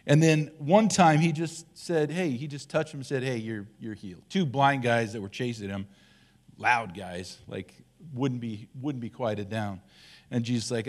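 An older man, a church elder, giving a relaxed conversational sermon and acting out the voices of the people in his story. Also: mid-range voice, unhurried.

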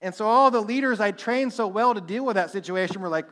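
A young man preaching a sermon, telling stories with lively acted-out quotes and dropping to a hush for emphasis. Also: high voice, fast talker, hardly any pauses. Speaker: pastor.

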